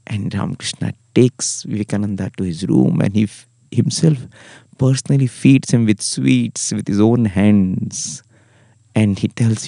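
A man with an Indian English accent, hosting a devotional podcast talk in an earnest, storytelling way, often trailing off softly. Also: lowish voice, steady tone, unhurried, creaky, husky, dry recording, studio quality. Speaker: spiritual podcast host.

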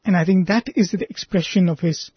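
A man reading a personal testimony aloud in an earnest, measured way, then speaking reflectively to listeners as a presenter. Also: high-pitched, husky, dry recording. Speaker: devotional radio presenter. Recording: dry, slightly dull lo-fi recording.

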